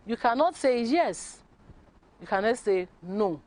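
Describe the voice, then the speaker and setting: A woman teaching a grammar lesson, speaking deliberately and repeating example questions. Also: on the high side, expressive, darkish tone. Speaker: English teacher. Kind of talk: classroom lesson.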